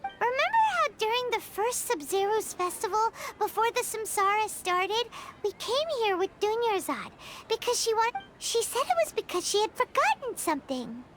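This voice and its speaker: A woman's voice: very high voice, sing-song, normal speed, background noise. A woman voicing a tiny, chatty floating companion sprite in a video game, who talks about herself by name. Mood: thoughtful. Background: game music.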